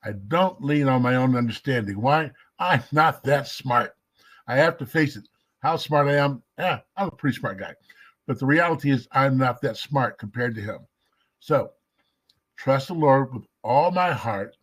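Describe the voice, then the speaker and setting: A man giving a casual devotional teaching, emphatic, slowing down to stress key words and sometimes dropping to a whisper. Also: mid-range voice, a bit bright. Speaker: messianic Jewish teacher.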